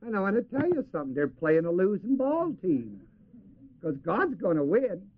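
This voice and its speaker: A man's voice: high voice, sing-song, normal speed, breathy edge. A man preaching a sermon who often chuckles and has listeners finish the verses he quotes. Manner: asks the audience to finish verses. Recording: tinny lo-fi tape recording.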